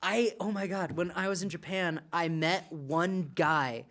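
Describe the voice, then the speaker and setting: A man's voice: high-pitched, unhurried, fairly bright tone. A man co-hosting a laid-back podcast, spinning a story in loose, rambling chat. He leans on fillers and restarts and breaks into laughter often. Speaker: podcast co-host.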